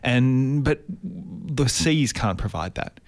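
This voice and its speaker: A man's voice: mid-range voice, expressive, takes it slowly, darkish tone. A man with an Australian accent co-hosting a radio show, explaining a topic at length and often restarting his sentences. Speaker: radio co-host. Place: radio studio.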